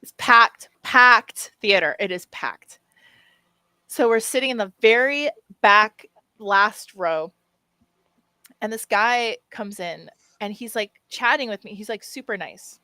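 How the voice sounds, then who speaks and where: Bright-voiced animated woman storyteller. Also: fairly high pitch, takes it slowly, no room sound. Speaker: podcast co-host. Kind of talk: casual chat, storytelling.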